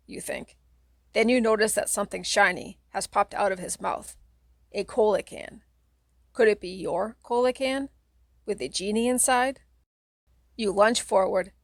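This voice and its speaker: Gravelly woman narrating a spooky kids' book. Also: mid-range voice, no room sound. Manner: dramatic, second-person storytelling. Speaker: audiobook reader. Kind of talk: scripted narration of a children's horror story.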